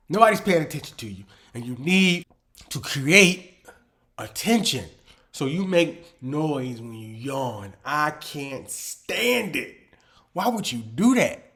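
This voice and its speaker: A man hosting his own comedy show, ranting animatedly about pet peeves, dropping to low mutters and then bursting out loud. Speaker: comedian host. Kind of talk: comedic monologue.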